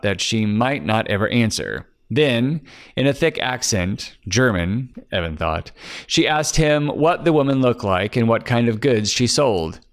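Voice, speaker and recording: A man giving a steady scripted narration of a detective story. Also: mid-range voice.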